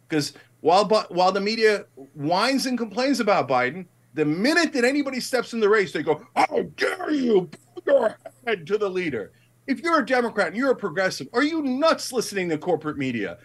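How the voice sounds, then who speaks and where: A middle-aged man in a heated political debate, emphatic and passionate, rising to indignant outbursts. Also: sits high. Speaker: guest commentator.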